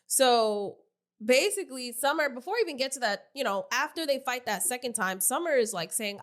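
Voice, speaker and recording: A woman co-hosting a podcast, casually recapping a reality show with animated retelling and free swearing. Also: sits high, brisk. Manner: animated retelling, acting out quotes, swears freely. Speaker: podcast co-host.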